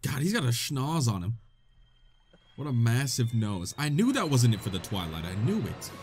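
A young man hosting a gaming channel and giving excitable, joking let's-play commentary, laughing often. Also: medium pitch, normal speed, background noise. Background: game music.

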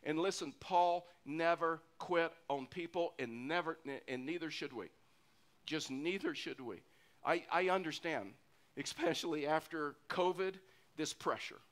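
A man's voice: a little high, expressive, normal speed, fairly bright tone. A middle-aged man preaching a sermon as pastor, earnest and often repeating phrases for emphasis. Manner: earnest, repeats phrases when stressing a point.

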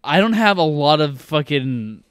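A man's voice: a little high, big pitch swings, unhurried, fairly bright tone, smooth, no room sound, studio quality. A man co-hosting a podcast, casually and animatedly retelling movie scenes and acting them out. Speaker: podcast co-host, film superfan. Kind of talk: casual film chat.

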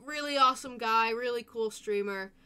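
A woman's voice: fairly high pitch, normal speed, clear, resonant tone. A woman streaming a farming game with friends, joking and giggling in casual chat. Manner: giggly, jokey, excitable. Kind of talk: casual group chat while gaming.

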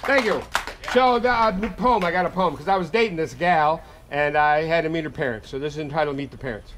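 A man performing live spoken-word comedy at a house concert, with a rapid-fire, profane, rhyming delivery. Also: on the high side, a bit bright, a little hiss or hum. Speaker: touring singer-songwriter.

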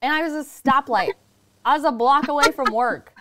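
A woman hosting a podcast, telling stories in casual, profane, animated chat. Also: high-pitched, moderate pace, background noise. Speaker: podcast host.

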